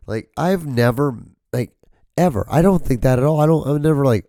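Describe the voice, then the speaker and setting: A hoarse young man with a sore voice, rambling casually on his solo podcast, full of fillers and a slight upspeak. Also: medium pitch, lively intonation, fairly quick, dark tone, dry recording, studio quality. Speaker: podcast host. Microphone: camera mic, solo filming.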